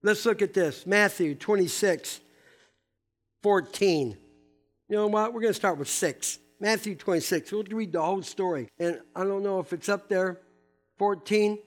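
A male pastor preaching a sermon to a live congregation, animated and emphatic, with casual asides to his listeners. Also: high-pitched, moderate pace, faint music behind.

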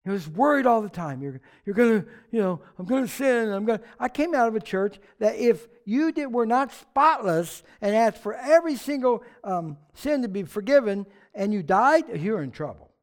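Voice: mid-range voice, moderate pace, hardly any pauses. Chatty american preacher mid sermon, jokey asides, talks like to friends. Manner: conversational and animated, with jokes and asides. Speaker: pastor.

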